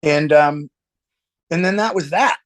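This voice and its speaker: A male musician guest, telling a long anecdote in a loose, halting way, with plenty of restarts. His voice sits a bit above the usual pitch for a man. He acts out the quoted lines of the story as he goes. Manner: rambling, halting, with laughs and acted-out quotes. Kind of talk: casual storytelling interview.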